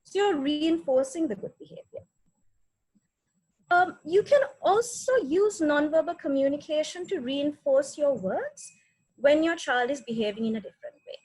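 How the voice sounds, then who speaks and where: A woman's voice: high-pitched, animated, normal speed, a little mellow, rough recording. A woman giving a practical parenting webinar talk, offering example phrases and often checking in with "right?".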